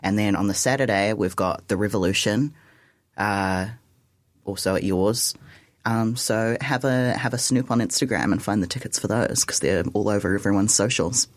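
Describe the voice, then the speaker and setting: Nz guy on community radio, sleepy, laughs a lot, lowish voice, dead dry mic. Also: normal speed, no room sound. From New Zealand. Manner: laughs often, self-deprecating. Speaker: radio show co-host. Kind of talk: casual chat. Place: radio studio.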